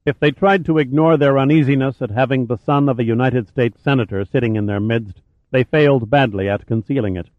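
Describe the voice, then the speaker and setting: A man's voice: mid-range voice, fairly quick, dry recording. Man narrating an audiobook over tinny sound. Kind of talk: scripted narration.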